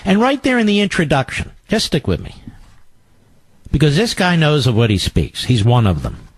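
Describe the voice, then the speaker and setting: A man's voice: fairly high pitch, big pitch swings, normal speed, no room sound, low-quality recording. A middle-aged man hosting a talk radio show, delivering a combative, sarcastic political commentary monologue.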